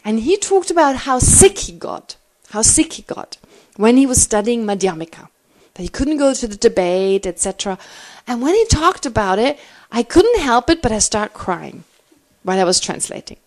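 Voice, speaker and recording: A middle-aged woman, a Buddhist teacher, answering questions in a teaching, thinking aloud with animated restarts. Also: on the high side, moderate pace.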